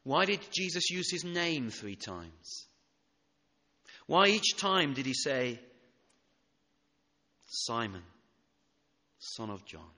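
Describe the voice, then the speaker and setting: Preacher with a bright voice in a reverberant church. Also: male voice, on the high side. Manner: expressive, swinging from loud emphasis to hushed tenderness. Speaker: pastor. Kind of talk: sermon.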